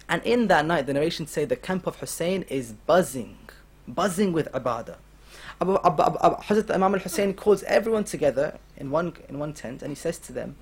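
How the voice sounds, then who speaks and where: A man with a high voice delivers a Muharram sermon as dramatic storytelling. He narrates in a hushed way and builds to impassioned, voicing the people in his story. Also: animated, brisk, creaky, husky. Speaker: speaker at a Muharram majlis. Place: gathering hall.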